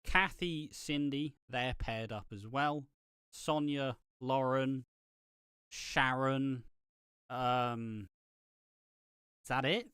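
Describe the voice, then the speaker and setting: A man's voice: mid-range voice, fairly even intonation, extremely slow, pauses often, fairly bright tone, clean tone, no room sound, studio quality. A young man co-hosting a casual chat, giving opinions animatedly with laughs in between. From United Kingdom. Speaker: soap opera reaction co-host.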